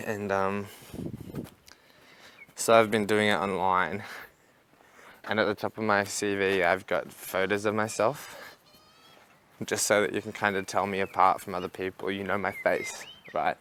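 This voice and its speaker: In a fairly low, slightly bright voice, flat and unhurried with long pauses, a young man rambles through a casual outdoor walk-and-talk vlog. The young adult laughs at his own stories, and a little hiss or hum is audible.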